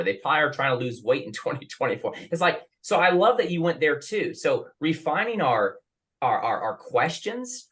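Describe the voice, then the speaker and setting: A man's voice: fairly high pitch, a bit bright. A man hosting a sales session over a video call, chatty and enthusiastic, often restarting his sentences. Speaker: host. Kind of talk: casual chat.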